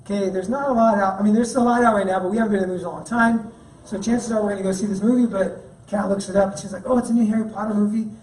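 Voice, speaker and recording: A man's voice: high-pitched, steady tone, racing, darkish tone. A man giving a sermon as guest speaker at a church, talking in a casual, joking way. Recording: echoey room, mic at a distance.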